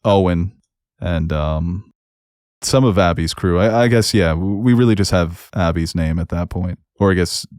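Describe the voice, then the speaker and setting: Deep-voiced man in casual review chat. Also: normal speed, darkish tone, no echo, clean studio sound. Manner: laughs often, swears freely. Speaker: podcast co-host.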